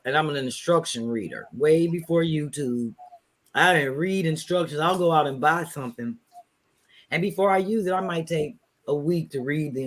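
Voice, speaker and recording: A middle-aged woman with a St. Louis accent tells stories in a relaxed interview. Her voice sits low for a woman. She acts out the people she quotes. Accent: St. Louis, Missouri. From St. Louis, Missouri. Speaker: guest, comedian. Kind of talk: casual interview chat.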